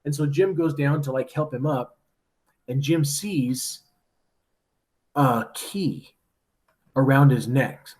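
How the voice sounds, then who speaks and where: A man's voice: mid-range voice, slow, pauses often, a little mellow. A man teaching a class, casually retelling a story with lots of "like" and "right?".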